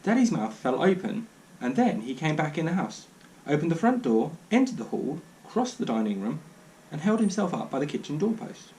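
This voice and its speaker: Man, children's book reading, wry, lively intonation, slightly high voice. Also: normal speed, a little hiss or hum, poor audio. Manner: dry, wry narration. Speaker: storyteller.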